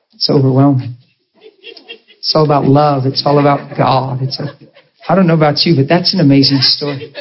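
A man with a medium-pitched, husky voice, heard through a muffled recording, delivers an emotional story as a sermon to his congregation. He performs the voices of the people he quotes as he goes.

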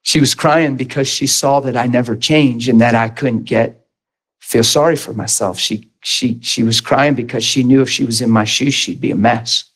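A man's voice: mid-range voice, fairly even intonation, normal speed. A middle-aged man preaching a fervent, emphatic sermon testimony as pastor, laughing between points.

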